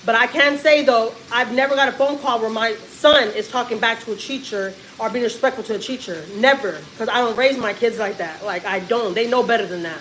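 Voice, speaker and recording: A woman talks to her livestream viewers in a casual, emphatic way, often repeating herself. Her voice sits a little high. Faint sizzling from food frying can be heard behind her. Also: brisk, few pauses, fairly bright tone, slight background noise, poor audio. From Texas, US. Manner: emphatic, repetitive, restarts often. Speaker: family vlogger.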